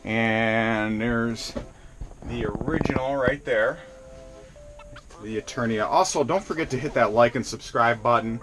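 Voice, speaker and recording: A man hosting a casual toy unboxing vlog, excited and rambling, restarting his sentences. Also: mid-range voice, measured pace. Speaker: toy collector vlogger.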